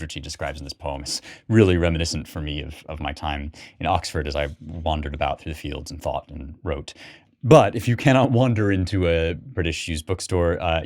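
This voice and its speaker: A man's voice: very deep voice, darkish tone. A man hosting a podcast, giving a thoughtful spoken literature lecture and often checking in with "right?".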